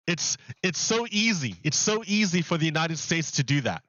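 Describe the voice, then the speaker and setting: A man streaming a video game, chatting casually in a rambling, animated way and restarting his sentences often. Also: on the high side, moderate pace, few pauses, dry recording, highs cut off. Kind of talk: casual chat while gaming.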